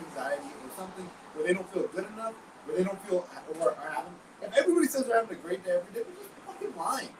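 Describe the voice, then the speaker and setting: A man in a candid podcast conversation, blunt and swearing freely, acting out his own inner voice. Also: sits high. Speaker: guest. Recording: roomy, distant mic with background noise.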